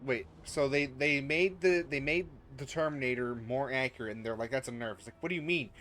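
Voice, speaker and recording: A man's voice: mid-range voice, steady tone, normal speed, fairly bright tone. A man joining a casual gaming chat on stream, chiming in with laid-back joking agreement.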